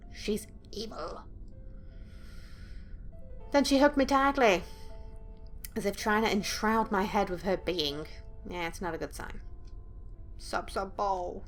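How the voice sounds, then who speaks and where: A woman playing through a horror game, reading the story aloud dramatically and breaking in with blunt, profane asides. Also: medium pitch. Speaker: let's play gamer.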